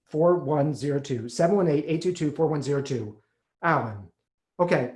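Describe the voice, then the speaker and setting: A man playing an anxious recovering alcoholic on the phone to his sponsor, halting and stammering as he repeats himself. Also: a little high, a little mellow, natural voice. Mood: subdued. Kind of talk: stage monologue acting. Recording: echoey room.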